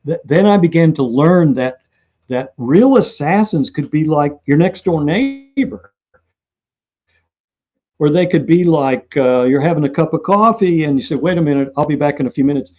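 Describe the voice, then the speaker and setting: A man, an author being interviewed, telling lively stories and acting out what people said. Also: fairly high pitch, moderate pace, muffled recording. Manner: animated anecdotal storyteller who acts out quotes. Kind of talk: interview storytelling.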